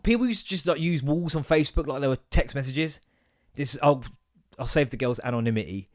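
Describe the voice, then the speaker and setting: A man, hosting a comedy podcast with sweary, exasperated rants and sudden loud outbursts. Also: medium pitch, animated, fairly quick, no echo, clean studio sound. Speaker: podcast host. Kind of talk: comic ranting monologue.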